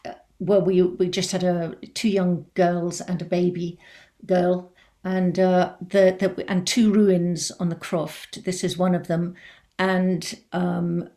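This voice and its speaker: A woman's voice: on the low side, level tone, slow pace, warm tone. A woman crofter on a video call, chatty and a little flustered, recounting how her family bought a croft. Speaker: crofter presenting her experience. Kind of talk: spoken presentation on a video call.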